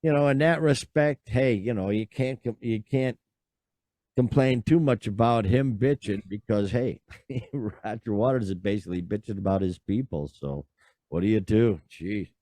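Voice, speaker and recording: A man's voice: lowish voice, moderate pace, dark tone, no echo, studio quality. A man hosting a podcast, rambling and exasperated in casual chat. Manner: rambling, exasperated, lots of fillers and sighs. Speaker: podcast host.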